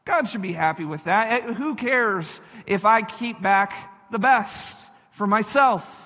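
A sulky young man who shrugs off what he owes, grudging and dismissive, as a preacher puts him on. The voice sits high and bright, and it carries the long echo of a reverberant hall. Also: expressive, slow pace, heavily acted. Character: sulky resentful young man keeping the best for himself.

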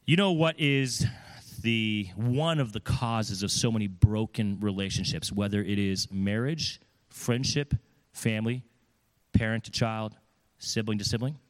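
Animated male preacher. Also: on the low side, a little slow. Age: adult with children. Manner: animated, acts out quoted voices. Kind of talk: sermon.

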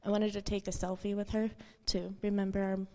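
A woman's voice: mid-range voice, little pitch movement, moderate pace, darkish tone. A woman giving a eulogy for the woman she took as her grandmother, telling personal stories, acting out quotes and laughing through tears.

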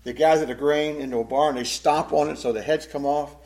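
A man teaching a Bible class as a pastor, emotive, swinging between loud emphasis and hushed, sad tones. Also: a little high, steady tone, fairly quick, low-quality recording.

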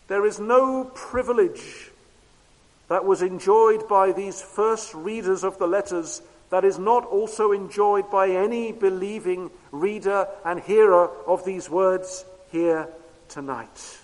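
A man preaching a sermon with emphatic repetition, moving between loud declarations and hushed low tones. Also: takes it slowly. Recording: long hall reverb.

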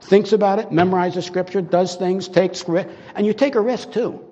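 An older man gives a loose, chatty sermon with a fairly high voice, wandering off track and playing out short exchanges with made-up listeners. The sound is dull and muffled and rings in a long hall echo. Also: steady tone, normal speed, mellow. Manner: rambling, conversational, acts out little dialogues. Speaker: preacher. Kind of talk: informal sermon.

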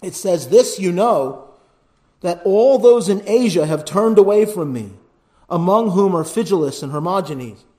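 A man with a high voice preaching a sermon as pastor. He builds to loud, emphatic lists and then drops to quiet pleading. He keeps checking in with his listeners by asking "right?". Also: lively intonation, measured pace. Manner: asks the congregation "right?".

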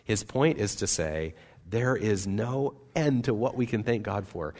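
A man preaching a sermon as pastor, earnest and emphatic, with wide swings between loud and soft. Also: lowish voice, expressive, measured pace. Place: church sanctuary. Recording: long reverb of a church hall.

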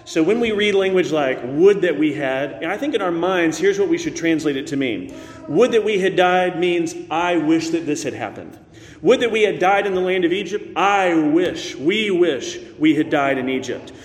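A man preaching an expository sermon, measured and emphatic, slowing down to stress key words. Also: on the high side, animated. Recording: roomy hall reverb.

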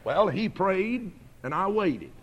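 A man preaches his own conversion story as a sermon testimony. He talks in emphatic, repeated beats that build toward fervent peaks, his voice sitting a little high for a man. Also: sing-song, slow, slightly rough. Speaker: song leader and preacher giving testimony.

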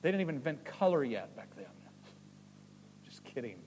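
A man preaching a sermon as pastor, animated and jokey, with voiced asides. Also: medium pitch, normal speed, in a large hall, a little hiss or hum.

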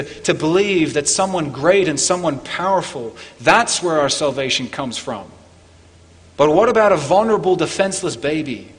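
A man preaching a Christmas sermon as pastor, earnest, climbing for emphasis and falling low and quiet on key points. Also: big-room sound. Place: church.

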